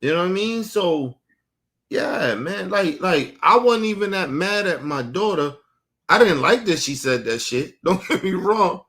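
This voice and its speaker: A man's voice: high voice, a little slow. A man in his thirties hosting a casual streamed podcast, talking loosely and profanely, acting out quotes as he tells stories. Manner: profane, animated storytelling with acted-out quotes. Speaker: podcast host. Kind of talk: casual chat. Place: home studio, streaming.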